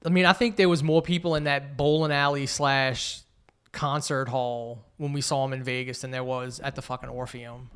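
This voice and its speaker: A man's voice: mid-range voice, level tone, moderate pace, fairly bright tone, smooth. A man co-hosting a podcast, chatting casually with frequent restarts and swearing. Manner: rambling, self-correcting, profane. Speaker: podcast co-host. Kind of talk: casual chat.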